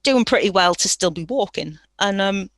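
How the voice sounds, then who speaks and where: A woman's voice: mid-range voice, lively intonation, moderate pace, fairly bright tone, no echo. A woman with a Durham accent speaks frankly as a podcast guest, telling her story from a room at home. Her voice sits mid-range, recorded close and dry, with little room sound around it, and she drops the odd rueful laugh. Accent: Durham English. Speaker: interview guest. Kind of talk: personal storytelling in a podcast interview.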